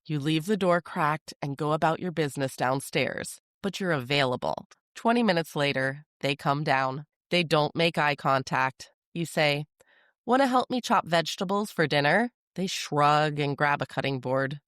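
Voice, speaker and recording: A calm, steady parenting podcast host delivers a scripted explainer in an even, measured way. The voice sits at a middle pitch, and the sound is dry and close with no room around it. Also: clean tone, no room sound.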